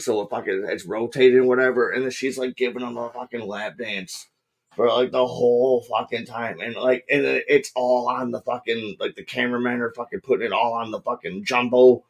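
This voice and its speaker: A man hosting a podcast, telling a rambling story in casual chat, full of swearing and "dude". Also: mid-range voice. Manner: rambling profane storytelling, says "dude" a lot. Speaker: podcast host.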